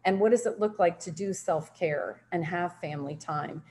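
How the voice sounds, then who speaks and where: A middle-aged woman giving a motivational training talk on network marketing, telling stories in an upbeat, animated way with frequent laughter. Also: on the low side, moderate pace.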